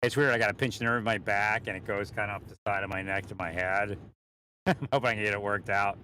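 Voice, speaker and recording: A man's voice: on the low side, fairly even intonation, fast, bright, forceful tone, slight background noise. A man speaking in a rambling way from inside a moving vehicle, laughing often between thoughts, sometimes leaning away from a mounted mic. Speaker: vlogger. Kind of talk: rambling monologue while driving.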